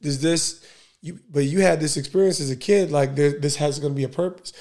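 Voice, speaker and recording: A man's voice: fairly high pitch, brisk, darkish tone. A man hosting a podcast interview, asking questions in a loose, conversational way full of fillers and restarts. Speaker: podcast host. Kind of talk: casual interview.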